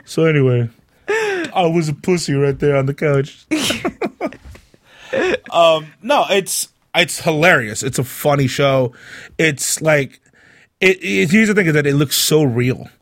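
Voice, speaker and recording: A man co-hosting a casual chat in a relaxed, joking way, going into long explanations. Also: on the high side, slow, long pauses, dry recording.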